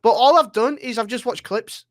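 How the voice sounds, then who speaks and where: A man rambles through a casual interview as a streamer guest, swearing freely. His voice sits at an ordinary pitch. The sound is dry and close. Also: normal speed, dry recording.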